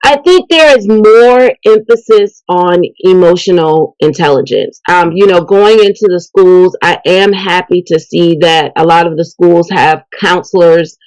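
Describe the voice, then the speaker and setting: A middle-aged woman with a lowish voice talks unhurriedly, with hardly any pauses, in a dry, rough recording. She's an event host and youth mentor being interviewed on local TV, speaking with animated, faith-filled earnestness about her work.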